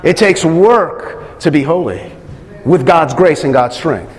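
A man's voice: on the high side, animated, slow, long reverb tail. A man preaching a sermon, emphatic, repeating phrases and putting questions to his listeners.

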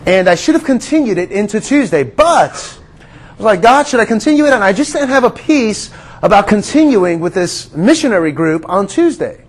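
A man preaching a sermon in a conversational, earnest way, calling his listeners friends and sinking to a hush on quiet words. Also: high-pitched, expressive, moderate pace.

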